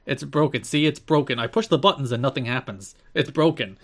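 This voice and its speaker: A man's voice: medium pitch, fairly quick, a bit bright. A man co-hosting a podcast, recapping a TV segment at length in casual chat and laughing often. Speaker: podcast co-host.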